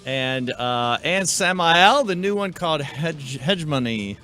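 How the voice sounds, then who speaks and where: A man's voice: a little high, lively intonation, unhurried, pushed and bright, soft background music. A man hosting a casual chat show, rambling and tripping over band names. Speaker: host.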